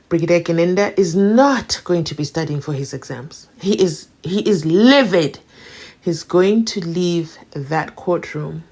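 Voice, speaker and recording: A woman talks through the day's court drama as a vlog host. She is animated and theatrical, jumping from loud bursts to hushed asides. Her voice sits fairly low for a woman. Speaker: commentary channel host. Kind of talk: casual vlog commentary on a court trial.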